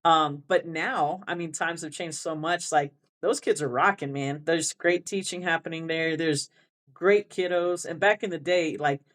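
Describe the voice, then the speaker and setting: A woman's voice: low voice, a little slow. A woman band director with a South Texas Rio Grande Valley accent, chatting as an interview guest. She rambles with many restarts and laughs often. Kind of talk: casual interview chat.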